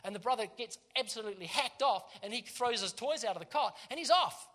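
A New man preaches a sermon with a high, bright and forceful voice. He tells the story with energy and turns to the congregation with quick joking asides. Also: animated.

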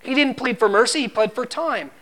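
Man, high voice, sermon, emphatic, quotes scripture, acts out parable lines. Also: fairly quick, pushed and bright. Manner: emphatic, rises in pitch and volume when driving a point. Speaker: preacher.

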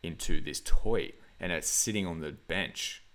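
A man with a low, unhurried voice hosts a relaxed film review podcast, rambling with plenty of fillers and laughing often. There is background noise in the recording.

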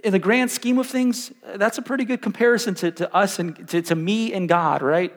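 A young man preaching a sermon as pastor, animated and stumbling over repeated words, swinging between loud and hushed. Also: high voice, moderate pace. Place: church hall. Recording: live in a reverberant church hall.

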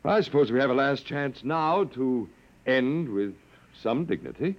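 An actor playing a stubborn, worn-out human captive who swings between defiance and pleading, in an old radio drama. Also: male voice, mid-range voice, expressive, a little slow. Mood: weary. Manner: defiant, then pleading and shaken. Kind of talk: 1950s radio drama acting. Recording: dull lo-fi old radio broadcast.

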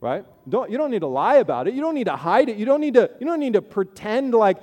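A man's voice: high voice, very animated, quick pace, darkish tone, long reverb tail. A man preaching a sermon as pastor, conversational, with playful asides and acted-out voices of the people he describes.

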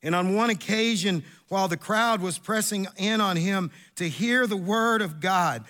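A middle-aged man, preaching a sermon in an animated, storytelling way with asides and repeats. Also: high-pitched, normal speed, few pauses. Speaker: pastor.

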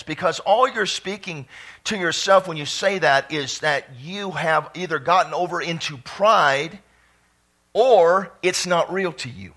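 Fervent preacher man, bright and high. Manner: fervent, bursts into shouts and exclamations. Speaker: pastor. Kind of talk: sermon. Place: church.

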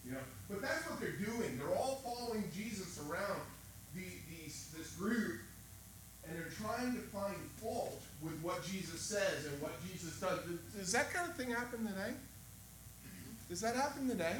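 A man preaching a sermon, conversational and animated, asking his listeners questions. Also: high-pitched, normal speed, slight background noise. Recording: echoey room with faint ambience.

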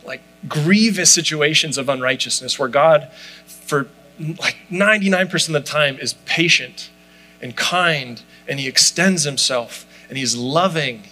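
A man's voice: fairly high pitch, measured pace, pushed and bright, low-quality recording. A man preaching a sermon in a conversational way, often saying "like" as he talks. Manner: conversational, frequent "like" fillers. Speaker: pastor.

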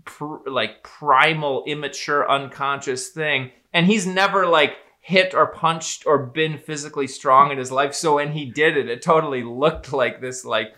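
A man's voice: fairly high pitch, a little slow, few pauses, sharp tone. A man in casual conversation, thinking aloud in a musing, thoughtful way. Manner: thoughtful, musing, lots of likes and restarts. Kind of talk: casual analytical chat.

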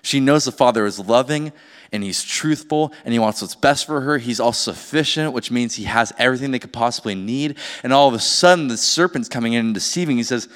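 A man's voice: medium pitch, a little fast, fairly bright tone. A male pastor preaching a sermon in a conversational way, often asking the audience rhetorical questions. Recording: long hall reverb.

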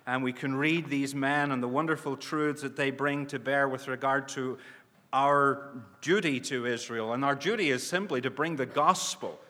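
Man, earnest church mission preacher, emphatic, bright tone, long hall reverb. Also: mid-range voice, fairly even intonation, normal speed. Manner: earnest, emphatic, with frequent restarts. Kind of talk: preaching address.

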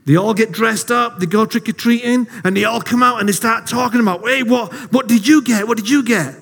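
A man's voice: very high-pitched, brisk, gravelly, a bit bright, husky, faint music behind. A man in his thirties giving a casual, jokey sermon to a congregation, telling self-deprecating stories. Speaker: lay preacher. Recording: long hall reverb.

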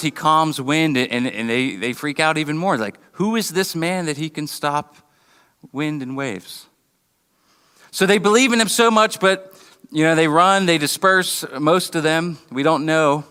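Here a man's voice sits on the high side, bright and smooth with a forceful edge. Preaching in a church hall, he takes a chatty, storytelling approach and keeps restarting sentences, all under the hall's long echo.

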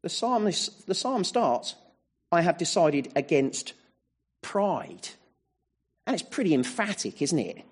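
A man's voice: fairly high pitch, very animated, slow, pauses often, slightly rough. A man preaching a sermon, working through a psalm verse by verse and often adding rhetorical tag questions. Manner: expository, walking through verses.

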